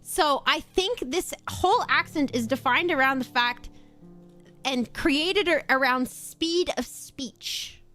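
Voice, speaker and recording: Young Australian woman streamer, high voice, rambling chatty talk with casual swearing, faint music underneath. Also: takes it slowly, pushed and bright. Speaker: VTuber streamer. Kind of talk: casual chat while gaming, reading chat aloud. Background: faint background music.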